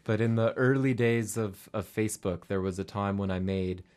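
A man's voice: on the low side, normal speed, a little mellow. A young man hosting a campus radio arts show, talking casually with many hesitant restarts.

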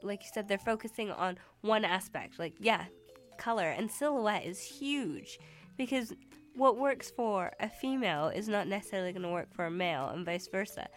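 A woman's voice: mid-range voice, normal speed, soft background music. A young woman co-hosting a radio show in a studio, chatting casually and thinking aloud with small restarts. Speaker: radio co-host.

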